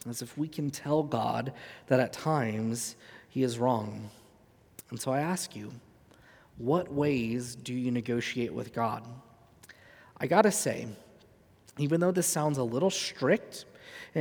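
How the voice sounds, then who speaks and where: A man's voice: medium pitch, creaky, a little mellow. A man in his thirties, a pastor giving an earnest sermon in a conversational, filler-rich way. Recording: long reverb of a hall.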